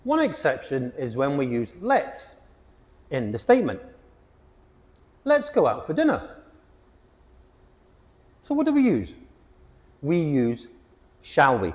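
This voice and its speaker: A male English teacher walks through grammar points, clear and emphatic. His voice sits a little high and swoops widely up and down. The sound trails off in a long reverb, and soft music plays underneath. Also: huge pitch swings, takes it slowly, pauses often. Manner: clear, emphatic teaching delivery with question-tag intonation. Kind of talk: grammar lesson. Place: hot location.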